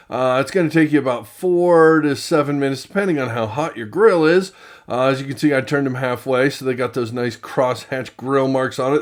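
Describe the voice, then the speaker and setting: A man's voice: mid-range voice, reverberant. A man hosting a casual cooking demonstration, chatty, with self-deprecating asides. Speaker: cooking show host. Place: outdoor grill and home kitchen.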